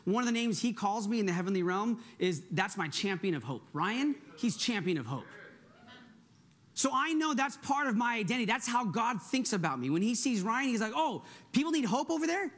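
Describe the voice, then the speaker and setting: A middle-aged man delivers a sermon as the church's pastor, keeping it loose and conversational. His voice sits notably high for a man, and he talks with lively energy. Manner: energetic, conversational, asks the congregation "right?".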